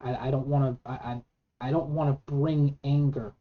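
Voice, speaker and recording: A woman's voice: very deep voice, steady tone, normal speed, phone-quality sound. A woman giving an earnest, argumentative monologue to camera, with many rhetorical questions and frequent restarts. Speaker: vlogger.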